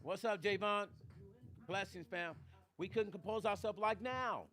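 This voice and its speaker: On his live stream, a middle-aged host speaks in an unhurried, high, somewhat bright voice. Choked up and close to crying, he addresses viewers head-on with emphasis and some swearing.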